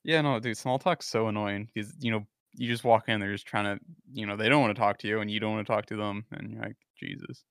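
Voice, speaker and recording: A man's voice: lowish voice, fairly even intonation, fast, fairly bright tone, clean tone, dry recording, studio quality. A man co-hosting a casual podcast chat, ranting bluntly and swearing often. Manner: crude, ranting, swears a lot. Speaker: podcast co-host.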